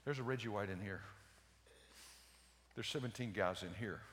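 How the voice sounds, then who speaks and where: An older man preaching an evangelistic sermon, telling stories fervently and swinging from loud urgent peaks to hushed lows. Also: normal speed. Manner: storytelling with many repeated words. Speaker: speaker. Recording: long reverb in a large hall.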